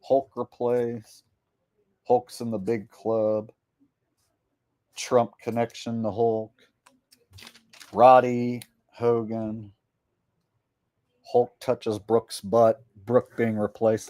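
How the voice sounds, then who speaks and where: A man's voice: medium pitch, very slow, long pauses, a little mellow, dry recording. A man, a comedian, doing live stream commentary in a boastful, profane, rambling way.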